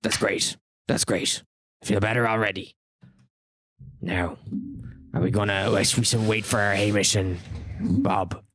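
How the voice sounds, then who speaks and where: Jokey player man, a little husky, dry close mic. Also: on the low side, fairly even intonation, measured pace, long pauses, fairly bright tone, dry recording. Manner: jokey, playful. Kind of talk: casual game chat.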